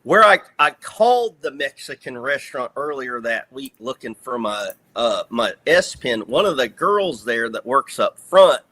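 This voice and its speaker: A man with a Southern US accent, telling an animated story in casual chat and swearing freely. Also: mid-range voice, unhurried, hardly any pauses.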